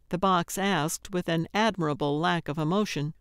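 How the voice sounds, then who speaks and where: A woman narrating a cozy mystery audiobook in an even, measured way. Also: fairly low pitch, smooth, no echo, studio quality.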